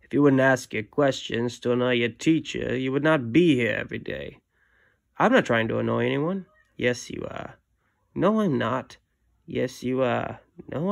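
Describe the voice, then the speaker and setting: A man voicing a weary, stubborn school principal who argues back in a flat, low tone. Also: vocal fry.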